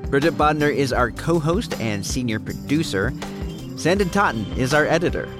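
Lively male podcast host over music. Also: medium pitch, normal speed. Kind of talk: upbeat kids' podcast hosting. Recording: music bed underneath.

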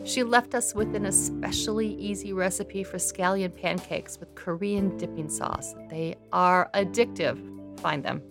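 A woman radio host briskly reading a scripted closing announcement. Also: medium pitch, fairly even intonation. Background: plucked guitar music.

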